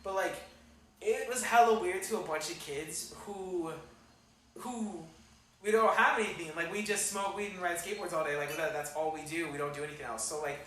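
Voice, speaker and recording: A young man telling a story on a casual podcast, slangy and animated, with plenty of swearing. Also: on the high side. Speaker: podcast co-host. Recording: echoey room, mic far off, faint noise.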